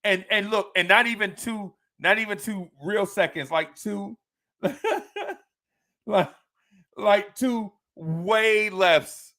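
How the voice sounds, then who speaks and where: This is a casual live podcast chat in which the host, a man from Jersey City with a New Jersey accent, reads listener comments. He speaks slowly in a high, steady voice with a sharp edge, staying slangy and playful while laughing often and repeating himself.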